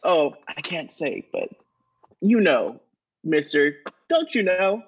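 A man with a husky, slightly high voice plays a hesitant doctor who stammers and repeats himself. The audio is a little dull and lo-fi. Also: sing-song, takes it slowly. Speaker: sketch actor playing a nervous doctor.

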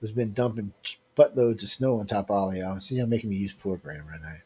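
Brisk and warm, this man's lowish voice is slightly rough. He hosts a casual livestream giveaway, teasing viewers in loose slang while reading their emails aloud.

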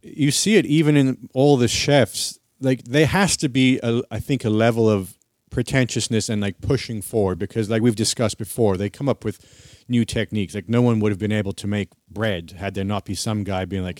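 A man with a fairly low voice reasons aloud on a podcast, hedging and trying ideas out as he goes. The recording is close and dry. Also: steady tone, normal speed, hardly any pauses, a little mellow, dry recording. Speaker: podcast co-host. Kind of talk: casual chat.

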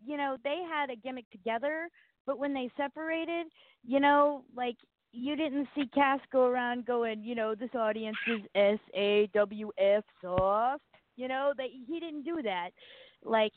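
A woman's voice: high-pitched, no echo. A woman with a Southern American accent, co-hosting in casual chat, rambling and blunt with self-mocking asides. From Southern United States. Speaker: co-host. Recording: tinny phone-like line, dry.

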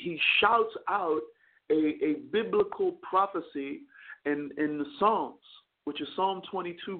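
A man who is a chaplain and radio show host, preaching a sermon with repeated words and fervent build-ups. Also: sits high. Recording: tinny phone-line audio.

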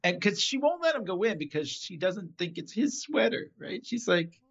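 A man with a raised, gravelly voice and a slightly husky, breathy edge tells a story in casual podcast chat. His pitch swings widely as he acts out the characters' lines. The recording sounds dull and lo-fi. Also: normal speed. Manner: animated storyteller, acts out quotes with pitch jumps.

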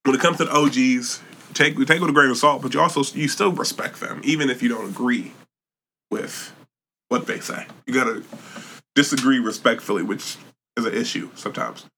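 A man co-hosting a casual podcast chat, laid-back and slangy, laughing easily with sudden animated bursts. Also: medium pitch, brisk, a little hiss or hum. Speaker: podcast co-host.

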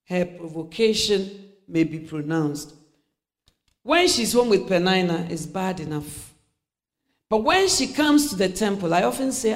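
Animated woman preaching a sermon. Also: medium pitch, measured pace. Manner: animated storytelling, acting out quoted voices, laughing, dropping to whispers.

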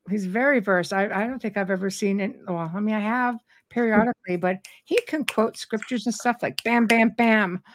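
Middle-aged woman hosting a live show, big robust voice, chatty and laughing. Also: mid-range voice. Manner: robust, animated, laughs often. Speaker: radio show host. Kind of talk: casual live-show chat.

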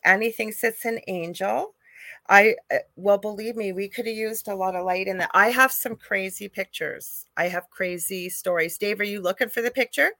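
A middle-aged woman co-hosting a live chat, telling a ghost story in an animated way. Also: mid-range voice, normal speed, no room sound. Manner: animated storyteller, acts out quoted voices. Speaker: co-host, psychic medium.

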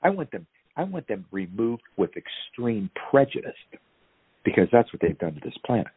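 A man's voice: fairly low pitch, big pitch swings, moderate pace, breathy edge, no room sound, phone-quality sound. A man speaking as an interview guest, fiery and ranting, his voice surging up on key points. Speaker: guest activist. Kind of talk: impassioned podcast interview.

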